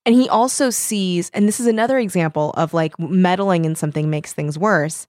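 A woman co-hosting a casual book discussion, relaxed, with many fillers, acting out characters' lines. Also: lowish voice, normal speed, no echo, studio quality. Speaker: book podcast co-host. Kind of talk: casual chat.

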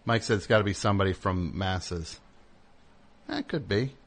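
A man from New Jersey hosting a comic call-in radio show, telling rambling stories with deadpan sarcasm. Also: lowish voice, moderate pace.

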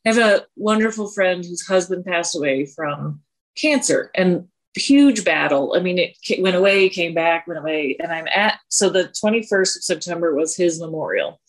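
A woman's voice: lowish voice, moderate pace. Candid woman in her forties. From Colorado. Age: 40s. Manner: earnest and confessional, with sighs and self-deprecating laughs. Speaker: podcast guest. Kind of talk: candid personal interview.

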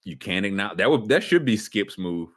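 A man's voice: on the low side, animated, moderate pace. A man co-hosting a casual sports podcast, joking and slipping into mocking voices for his bits. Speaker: podcast co-host.

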